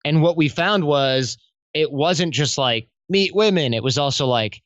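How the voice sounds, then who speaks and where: A man talking as a guest in a casual podcast interview, telling stories in a lively, slangy way. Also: on the high side, unhurried, smooth, no room sound, lo-fi sound. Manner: animated, slangy storytelling. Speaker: podcast guest, self-development coach.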